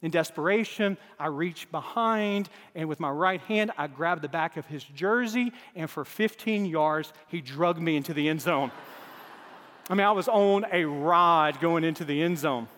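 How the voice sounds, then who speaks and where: A man's voice: a little high, normal speed, a bit bright, big-room sound. A man preaching a sermon as pastor, earnest, with key phrases repeated for emphasis.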